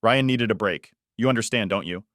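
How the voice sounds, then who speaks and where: A man's voice: on the low side, fairly quick, dry recording, studio quality, lightly acted. A man doing a cold dismissive father. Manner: flat, offhand. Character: dismissive middle-aged father, cold and curt.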